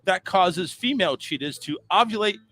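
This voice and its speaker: A man hosts a casual call-in show in a bright, forceful voice. His pitch swings up and down as he jokes and swears freely. The voice sits somewhat high for a man. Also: lively intonation, moderate pace. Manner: joking, profane, reads memes aloud. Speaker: radio show host.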